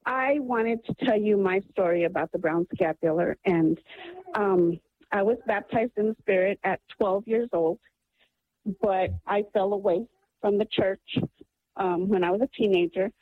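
A woman's voice: mid-range voice, measured pace. A woman calling in to a radio show, earnestly telling a long personal story with many ums. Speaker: caller. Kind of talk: phone-in storytelling. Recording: tinny phone line.

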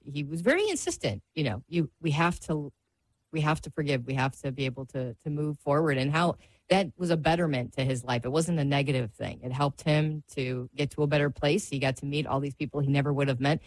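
A woman's voice: low voice, a little fast, no room sound. A woman co-hosting a faith radio talk show, earnest and reflective. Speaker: radio co-host.

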